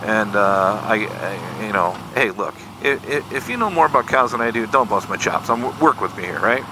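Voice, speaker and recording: Out on country roads with faint road and vehicle noise behind him, a roughly sixty-year-old motorcycle vlogger from Michigan speaks in a lowish voice at a moderate pace. He pokes fun at himself while recounting an embarrassing episode, acting out the dialogue with folksy energy.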